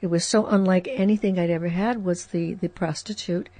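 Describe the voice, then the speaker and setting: Animated woman in her eighties. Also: on the low side, brisk, no echo. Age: 80s. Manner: animated storyteller, warm and expressive. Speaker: guest actress. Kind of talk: casual conversation. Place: host's garage studio.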